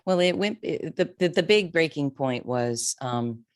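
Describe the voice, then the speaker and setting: A woman's voice: expressive, measured pace, dry recording. Woman in her fifties, career coach guest, candid emotional storytelling, dry close-miked sound. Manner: candid, emotional, wide swings in pitch. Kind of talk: interview storytelling.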